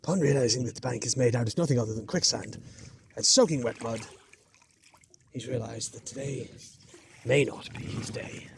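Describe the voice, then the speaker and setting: A man voicing a hushed male wildlife documentary narrator, slow and mock-solemn, outdoors on a river. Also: medium pitch, vocal fry, background noise, pitched below the performer's own voice, natural voice.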